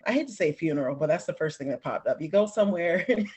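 A woman hosting a podcast in animated, playful casual chat, laughing often. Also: low-pitched, fast talker, husky. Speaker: podcast host.

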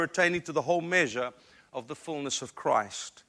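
A man's voice: fairly high pitch, a little fast, bright, forceful tone. A man in his forties with an African accent, preaching a sermon as a guest speaker and telling a story with earnest, self-deprecating humor. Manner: earnest, self-deprecating, repeats words when building up.

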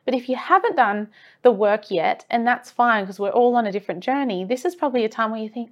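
A woman's voice: a little high, expressive, quick pace, lo-fi sound. A woman talking earnestly as a self-development coach, encouraging the listener and repeating phrases for emphasis. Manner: earnest, encouraging, with rhetorical repetition. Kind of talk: motivational monologue.

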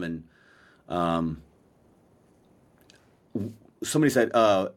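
Here a man co-hosts a podcast from Maui via video call, chatting casually in a blunt, profane style as a self-described verbal processor. His lowish voice has lively intonation, and he takes his time, leaving long pauses.

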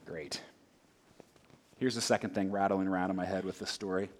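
A man's voice: low voice, fairly even intonation, normal speed. A middle-aged man preaching a sermon in a conversational way, full of asides and rhetorical questions. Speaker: pastor.

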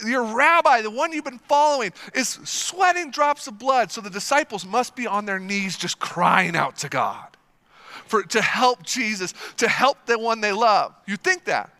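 A man preaching a sermon as a pastor. He is animated and emphatic, tells stories vividly and repeats words to stress a point. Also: very high voice, normal speed. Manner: animated and emphatic, with lively storytelling.

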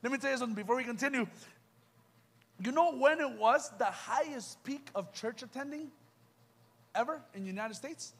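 A man's voice: very high voice, moderate pace, pauses often, fairly bright tone. A young adult man giving an impassioned youth sermon, firing rhetorical questions at the crowd. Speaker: youth preacher. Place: church youth event.

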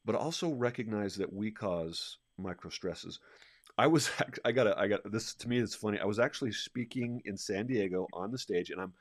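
Brief: low-pitched male podcast co-host, energetic and animated, dry close mic. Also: brisk, hardly any pauses, dry recording. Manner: energetic, animated storyteller who laughs often. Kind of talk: casual podcast conversation.

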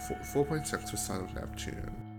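A man's voice: lowish voice, expressive, moderate pace, vocal fry, over loud music. A young man hosting a casual solo podcast, gushing over books in slangy, filler-heavy talk with plenty of swearing. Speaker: podcast host reviewing books.

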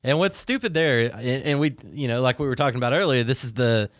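A man's voice: mid-range voice, fast talker, no room sound, clean studio sound. A man co-hosting a podcast, mostly chiming in with short agreeing remarks. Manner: brief agreeing interjections. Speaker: podcast co-host. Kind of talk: casual podcast chat.

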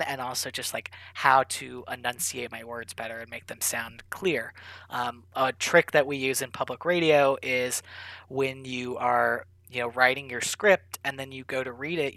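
A man's voice: medium pitch, sharp tone, no room sound, rough recording. A young man in his twenties, a public radio reporter, answering interview questions casually with many fillers.

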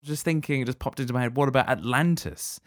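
A man's voice: mid-range voice, quick pace, noisy background. A man co-hosting a comedy podcast, speculating playfully and theatrically. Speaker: podcast co-host.

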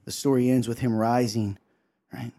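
A male co-host shares a devotional in an emotional sermon style, earnestly performing quotes and often asking "right?". His voice is warm and level at medium pitch, and he talks at a normal speed.

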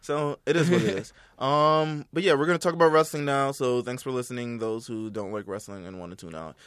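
A man's voice: mid-range voice, brisk, a bit bright, smooth, dry recording. A young man co-hosting a casual podcast, laid-back and profane, laughing often. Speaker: podcast co-host.

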